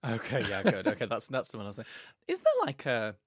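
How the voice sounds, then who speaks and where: A man's voice: fairly low pitch, big pitch swings, fast, no echo. A man co-hosting a podcast in casual chat, with dry, teasing wit. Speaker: podcast co-host.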